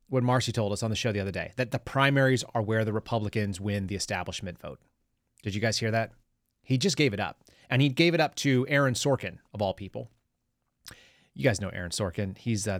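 A man's voice: lowish voice, no echo, clean studio sound. A man hosting a political commentary podcast, talking in a casual, rambling way and giving cues to his producer. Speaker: podcast host.

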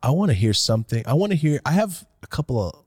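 A man's voice: fairly high pitch, sing-song, fast talker, a little mellow, breathy edge, no room sound, clean studio sound. A male podcast host asking eager, repetitive questions in a casual interview.

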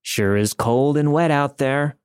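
A man's voice: mid-range voice, unhurried, clean tone, dry recording, studio quality, pitched above the performer's own voice, close to an everyday voice. A man playing a creepy grinning stranger. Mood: eerily friendly. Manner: insistent, turning menacing. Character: creepy grinning male stranger driving at night.

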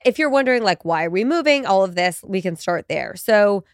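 A woman from New Jersey hosting a casual solo podcast, excited and chatty, sounding congested and nasal. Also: mid-range voice, a little fast, dry recording, clean studio sound. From Central New Jersey. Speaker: podcast host.

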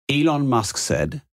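A man's voice: mid-range voice, no room sound, clean studio sound. A man hosting a podcast, asking brief, direct questions. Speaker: podcast host. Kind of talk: interview questions.

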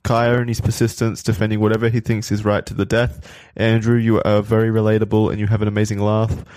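A man with a somewhat low voice reads listener messages aloud on a podcast in a laid-back way. The sound is close and dry. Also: completely flat delivery, fast, a little mellow, no echo. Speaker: podcast co-host.

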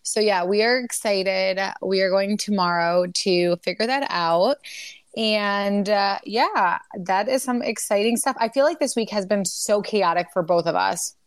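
A woman's voice: mid-range voice, measured pace, no room sound. A chatty woman co-hosting a podcast rambles along, her words piled with fillers. Her voice sits in a middle register, and it is recorded close and dry with no room sound. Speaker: podcast co-host. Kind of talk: casual chat.

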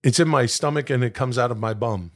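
A man co-hosting a comedy podcast, brainstorming in a casual, excitable way, swearing freely and jumping up in pitch as he riffs. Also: brisk. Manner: animated, excitable, jumps high in pitch when riffing. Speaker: podcast co-host.

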